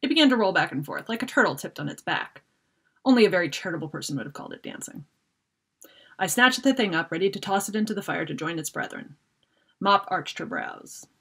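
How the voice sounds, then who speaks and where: A woman's voice: lowish voice, lively intonation, a little fast, fairly bright tone, slightly rough. A woman author reading aloud from her own children's fantasy novel, telling the story expressively. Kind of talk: read-aloud story narration.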